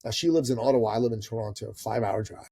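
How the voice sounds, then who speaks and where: Animated male storyteller, dry sound. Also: on the low side, racing, vocal fry, husky, dry recording. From Iran. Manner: animated storyteller who acts out the people in his stories. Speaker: guest entrepreneur. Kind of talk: storytelling in a podcast interview.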